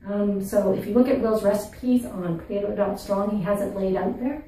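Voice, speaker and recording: A woman's voice: medium pitch, normal speed, warm tone, very echoey, distant mic, slight background noise, poor audio. A woman with a Maritime Canadian accent from Newfoundland and Nova Scotia, a channel host chatting casually and playfully to her viewers. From Atlantic Canada. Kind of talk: casual chat to camera.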